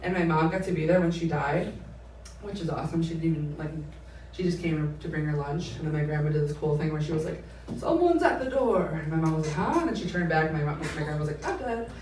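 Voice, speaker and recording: A woman in her twenties performing a stand-up comedy set, telling stories in an animated way and acting out the voices of the people in them. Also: low-pitched, fast talker, a little hiss or hum. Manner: animated storytelling that acts out quoted voices, laughing between lines. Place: comedy club stage. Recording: roomy live club sound, mic at a distance, loud audience.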